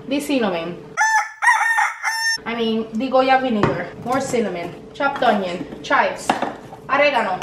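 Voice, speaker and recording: A woman's voice: sits high, echoey room, background noise. A woman giving a home cooking demonstration as the family aunt, blunt and bossy, checking in with "okay?" again and again. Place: home kitchen. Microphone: camera held by someone else.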